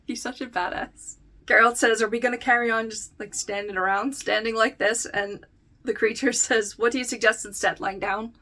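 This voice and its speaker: In a review video, a young woman with a bright, crisp voice pitched a bit higher than most recaps a book chapter, comparing the book with the show. Her tone stays steady and her pace moderate. She talks loosely with plenty of fillers and frequent laughs, sometimes reading lines straight from the text.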